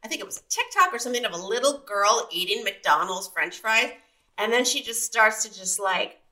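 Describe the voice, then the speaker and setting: Bright-voiced woman guest, playful. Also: medium pitch, fairly quick. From San Diego, USA. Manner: lively, thinks aloud, playful. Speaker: guest, television executive. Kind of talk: casual interview chat.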